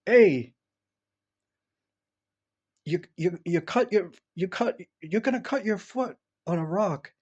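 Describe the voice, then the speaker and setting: A man's voice: sits high, animated, slow, pauses often, darkish tone, husky, muffled recording, voice pushed up, heavily acted. A man putting on the voice of an old Italian grandfather who fusses in stammered warnings. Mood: fretful. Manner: fretful warning, stammering repeats.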